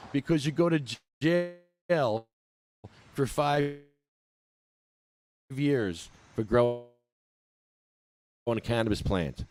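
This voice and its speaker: A man's voice: mid-range voice, animated, very slow, long pauses. A man ranting with sarcasm as a cannabis patient activist, livestreaming from an outdoor protest on his phone.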